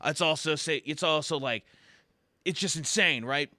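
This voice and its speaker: A man's voice: on the high side, normal speed, bright, forceful tone, dry recording. A man, a comedian and open mic host, chatting casually on a podcast and rambling with lots of fillers. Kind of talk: casual podcast chat, storytelling.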